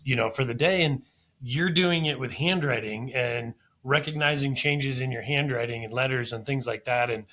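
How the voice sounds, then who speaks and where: A man's voice: mid-range voice, moderate pace, bright, forceful tone. A man hosting a podcast interview, chatting casually and enthusiastically, tying what he hears back to his own daily life. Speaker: podcast host.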